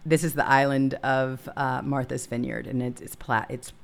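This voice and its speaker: A woman with a notably low voice for a woman hosts a casual political talk show. She reads quotes aloud and comments on them dryly. Her sarcasm comes through in every line. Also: little pitch movement, normal speed. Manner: dry, sarcastic.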